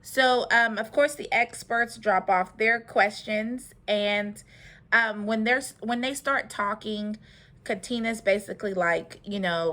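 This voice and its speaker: Speaking slowly with a bright, forceful medium-pitched voice, this young adult host walks through a reality show episode in a casual recap. Her talk is chatty and full of fillers, with sighs here and there.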